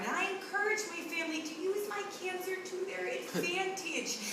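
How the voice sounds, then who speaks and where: A woman's voice: extremely high pitch, normal speed, few pauses. A woman delivering a profane comic monologue, blunt and wry. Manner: blunt, heavy swearing, wry. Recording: echoey room from a distance, noisy.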